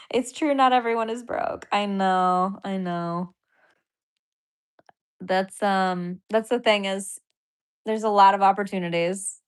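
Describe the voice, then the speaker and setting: Speaking slowly with long pauses in a clean, medium-pitched voice, a comedian and podcaster reacts to donations on her livestream. She comes across as giddy and apologetic, laughing often and gushing with thanks for viewers.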